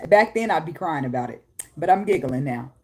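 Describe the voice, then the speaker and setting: A woman's voice: deep voice, expressive, brisk, darkish tone, slightly rough. A woman giving a casual tarot reading at home, talking bluntly with lots of profanity, laughing and now and then breaking into snatches of song. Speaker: tarot reader. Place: home, with a daughter nearby.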